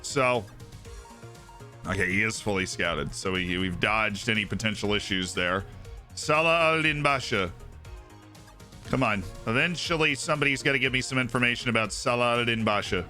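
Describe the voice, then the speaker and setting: Excitable male streamer, very bright voice. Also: lowish voice, normal speed, soft background music. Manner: excitable, shouts at the game, talks to the players on screen. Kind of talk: live game-stream commentary.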